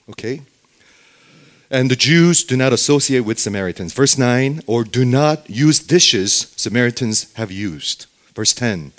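A man preaching a sermon, asking the congregation questions and punctuating points with "okay?", sometimes dropping to a near whisper for emphasis. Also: mid-range voice. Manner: emphatic, asks the audience questions, frequent "okay?"; sudden drops to very soft, near-whispered emphasis.

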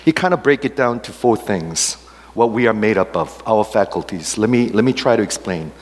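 A man's voice: fairly low pitch, animated, moderate pace. Man preaching in an echoing hall. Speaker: pastor. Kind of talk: sermon.

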